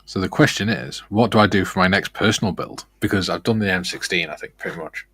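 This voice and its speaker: A man's voice: low-pitched, quick pace, pushed and bright, husky, no echo. A man co-hosting a model-building stream, chatting casually and reading out viewer comments, laughing easily.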